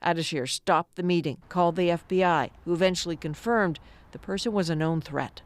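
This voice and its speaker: A woman reading a news report voice-over in a measured, serious way. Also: fairly low pitch, dry recording. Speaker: news correspondent narrating. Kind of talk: scripted news narration. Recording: voice-over with music bed.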